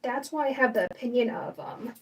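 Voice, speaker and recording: A woman's voice: fairly high pitch, brisk, far from the mic, slight background noise, rough recording. A young adult woman hosting a casual livestream, rambling and opinionated with lots of fillers and restarts. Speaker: livestream host.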